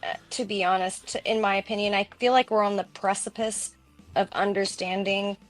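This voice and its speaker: A woman's voice: medium pitch, steady tone, normal speed, soft background music. A woman co-hosting a book podcast in casual chat, giggly and chatty. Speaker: podcast co-host.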